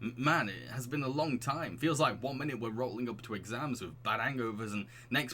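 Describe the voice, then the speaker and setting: A man's voice: medium pitch, a little fast, few pauses, sharp tone, slight background noise. A man from England streaming a dating game, giggling and reading the story aloud. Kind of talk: let's play commentary.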